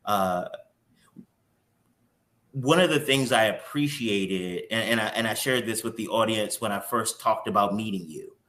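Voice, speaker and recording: Bright-voiced man hosting, candid and emotional. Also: fairly low pitch, unhurried. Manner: candid and openly emotional, with mild profanity. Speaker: morning show host. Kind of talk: casual interview conversation.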